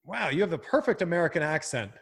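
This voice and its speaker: A man from Canada who hosts and chats casually, animated and quick to laugh, with lots of fillers. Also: fairly high pitch, gravelly, breathy edge. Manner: animated, laughs often, chatty with many fillers. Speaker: broadcaster and host. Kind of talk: casual podcast chat.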